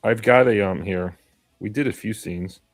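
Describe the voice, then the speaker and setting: A man who is an actor, chatting casually on a panel, often trailing off into fillers and halting restarts. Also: lowish voice, no room sound, studio quality, faint music behind.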